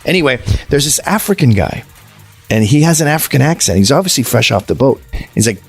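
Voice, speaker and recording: A man's voice: mid-range voice, very animated, fairly quick, creaky, husky, faint music behind. A man from Canada, a podcast guest telling blunt, provocative stories in casual interview chat. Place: suburban home.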